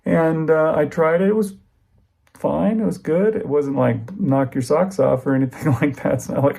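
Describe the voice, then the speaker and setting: A man rambling through a relaxed vlog update, stopping for ums and restarts as he goes. His voice is mellow and gravelly, with a husky edge. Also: a little high, normal speed. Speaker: vlogger. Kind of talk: casual diet vlog talk.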